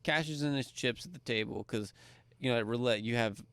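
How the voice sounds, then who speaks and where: A man's voice: medium pitch, normal speed, clear, resonant tone, dry recording. A man from Kentucky, co-hosting a podcast, telling a story in casual talk and acting out the voices of the people in it. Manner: animated, acts out dialogue, grows loud when excited. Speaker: podcast co-host.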